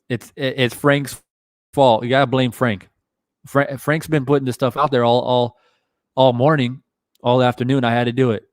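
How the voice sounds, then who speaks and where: A man's voice: medium pitch, moderate pace, dry recording, studio quality. A man hosting a live boxing stream, chatting casually with viewers and swearing freely. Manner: casual, profane, animated talker. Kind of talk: live stream commentary reading chat.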